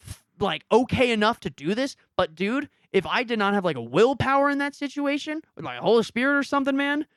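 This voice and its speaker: A man's voice: high-pitched, fairly bright tone, no room sound, studio quality. A young man hosting a podcast, telling a story in a casual way and acting out his own reactions. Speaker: podcast host and YouTuber. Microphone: headset.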